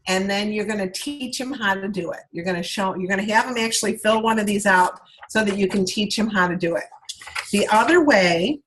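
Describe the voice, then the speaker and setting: A woman at an ordinary middle pitch leads a training session for her sales directors over a video call. She talks in a chatty, looping way and often stops to check in with "all right?" before moving on. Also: a little fast, a bit bright, slight background noise, rough recording.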